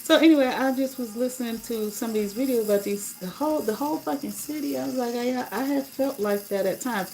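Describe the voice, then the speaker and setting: A woman at an ordinary pitch talks straight to her viewers in a loose, unscripted livestream. She tells the story bluntly and indignantly, cursing freely. A faint noise sits under her voice. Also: rough recording. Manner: blunt, profane, indignant retelling. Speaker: livestreamer and rideshare driver.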